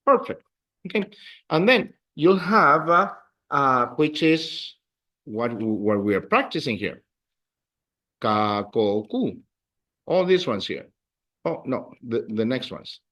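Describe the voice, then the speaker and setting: Slow, patient male Spanish teacher. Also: medium pitch, very animated, sharp tone. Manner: patient, repeats words slowly for learners. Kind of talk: beginner language lesson.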